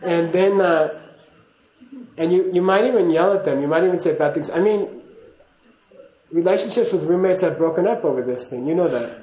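A man's voice: sits high, moderate pace, warm tone, echoey room, rough recording. A man giving a casual spoken teaching to a class, chatty and laughing, often checking in with "okay?". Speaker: Buddhist teacher.

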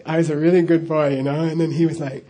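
A man's voice: on the high side, little pitch movement, quick pace, a crowd in the background. A middle-aged man telling a personal story in a casual, rambling way, with frequent chuckles and "you know" asides. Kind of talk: casual spoken anecdote.

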